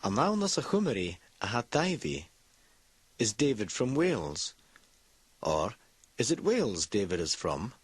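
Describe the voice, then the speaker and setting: A man narrating a scripted language lesson, explaining grammar slowly and repeating each example word. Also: on the low side, sing-song, no echo. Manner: slow, clear explaining with repeated example words. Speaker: language teacher.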